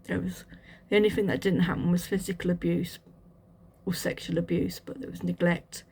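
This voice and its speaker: A woman telling her personal testimony in a halting, reflective way, with restarts and fillers. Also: fairly low pitch, flat delivery, darkish tone, a little hiss or hum. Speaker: channel host sharing a testimony.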